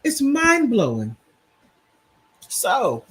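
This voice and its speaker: A man hosts a live stream in a loose, rambling commentary style, answering viewers as he goes. His voice sits a bit high and has a husky, slightly breathy grain. He speaks into a computer mic from a home setup. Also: animated, unhurried, poor audio. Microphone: computer mic on a streaming app.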